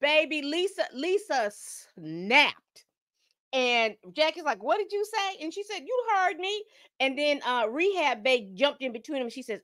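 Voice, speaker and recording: A woman's voice: high-pitched, a little slow. A woman hosting a podcast, casually recapping a TV episode, telling it like a story and acting out the characters' lines. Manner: animated storytelling, acts out quotes, calls listeners "baby".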